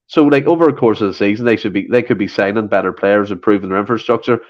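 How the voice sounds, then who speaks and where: Scottish male podcast co-host, low voice, fired-up football rant, dull lo-fi sound. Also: quick pace. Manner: heated, swearing, pitch jumping up when worked up. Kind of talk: passionate casual football chat.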